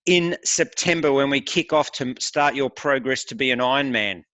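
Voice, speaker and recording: A man's voice: medium pitch, moderate pace, pushed and bright, no room sound. A man, a health coach hosting a casual interview in an easygoing way, calling his guest mate.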